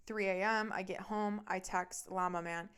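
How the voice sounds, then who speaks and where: A woman hosts a casual storytelling podcast at a mid-range pitch. She is blunt and swears freely, and she speeds up in an animated way as she retells what happened. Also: normal speed, clean tone. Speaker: podcast host.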